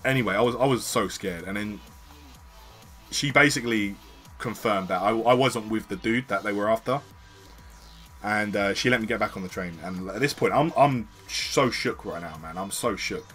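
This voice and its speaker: A man's voice: fairly low pitch, normal speed, faint music behind. A man with a British accent, telling a story to his stream in a casual, slangy way with plenty of swearing. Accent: British English. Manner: slangy, swearing, animated retelling.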